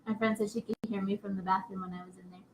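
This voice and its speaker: A woman's voice: medium pitch, little pitch movement, very fast, a little hiss or hum. A young woman co-hosting a casual podcast, talking animatedly, laughing often and swearing freely. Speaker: podcast co-host. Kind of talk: casual chat.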